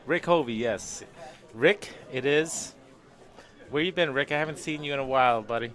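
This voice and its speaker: A man's voice: medium pitch, moderate pace, a bit bright. A young man co-commentating a pool match on a casual live stream, joking with his partner and chatting to viewers between shots. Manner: joking, laughs often, chats with viewers.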